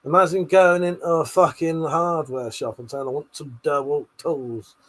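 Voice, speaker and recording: Husky British man bantering with a live chat. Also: on the high side, fairly even intonation, moderate pace, a bit bright. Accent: British English. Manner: laughs often, swears, banters and teases the chat. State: tipsy. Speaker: livestream host. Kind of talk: casual live-stream chat reading viewer comments.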